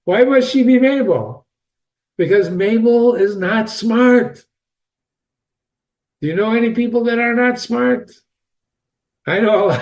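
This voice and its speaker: A man's voice: extremely high pitch, slow, pauses often, darkish tone. A man giving a reading lesson on a novel, talking straight to his listeners in a chatty, emphatic way. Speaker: literature teacher.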